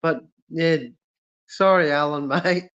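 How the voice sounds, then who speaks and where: A man with an Australian accent chats casually on a live stream, reading out viewers' comments. His voice sits slightly high and he speaks haltingly, stopping often to restart. The sound is muffled and lo-fi. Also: steady tone, fairly bright tone, clean tone. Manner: halting, many fillers and restarts. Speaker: livestream host reading chat. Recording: lo-fi dull sound.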